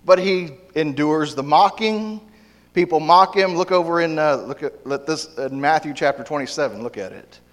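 A man's voice: a little high, normal speed. A man preaching a sermon in a church hall, emphatic and repetitive, often restarting his sentences.

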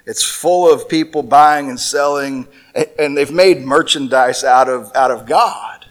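A man preaching a sermon, talking slowly with many stammered restarts and voicing quotes from scripture. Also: mid-range voice.

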